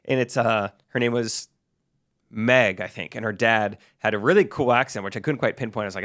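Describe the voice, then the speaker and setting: A young man, a podcast co-host, casually telling a story and acting out the people he quotes in a higher voice. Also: a little fast. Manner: animated, acts out quoted voices in a higher pitch.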